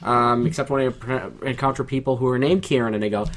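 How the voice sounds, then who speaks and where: A man's voice: medium pitch, fairly even intonation, fast talker. Joking, rambling man. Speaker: podcast co-host. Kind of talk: casual chat.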